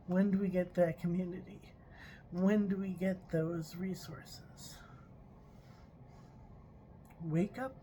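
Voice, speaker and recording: A woman speaks slowly in a low, mellow voice, earnest and frustrated as she vents in a personal vlog. She stops now and then to apologize, then moves on to a tarot reading. Faint noise sits under the recording. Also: poor audio. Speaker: vlogger doing tarot readings. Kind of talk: emotional personal vlog monologue.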